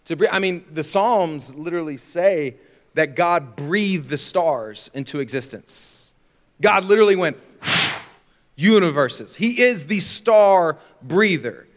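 A young man preaching a sermon, telling a funny childhood story with lively shouts and gasps, then turning reflective. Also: fairly high pitch. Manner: animated storyteller, acts out scenes with shouts and gasps. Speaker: pastor. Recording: long hall reverb.

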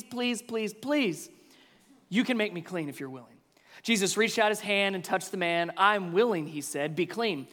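High-voiced animated male pastor preaching. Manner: animated, acts out quoted voices. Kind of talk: sermon. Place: church sanctuary. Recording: long hall reverb.

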